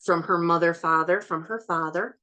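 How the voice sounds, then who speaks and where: A woman with a fairly low voice leads a healing session in a calm, matter-of-fact way. She counts methodically through long lists of numbers. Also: normal speed. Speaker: ancestral healing facilitator.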